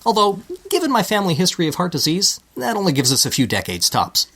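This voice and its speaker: A man's voice: high-pitched, wildly swooping pitch, quick pace, fairly bright tone. A man with a Canadian accent, a podcast co-host reading a scripted segment with dry, self-deprecating asides.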